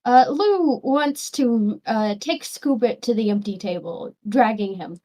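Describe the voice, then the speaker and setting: A woman taking part in a casual tabletop role-playing game, asking hesitant questions about what to roll. Her voice sits a little high for a woman and she trips over her words now and then. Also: animated, measured pace, mellow. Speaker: player.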